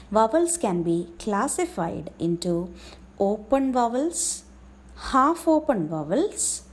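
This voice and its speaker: A woman teaching phonetics in an explanatory lecture, slow and careful, repeating key terms. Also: on the high side.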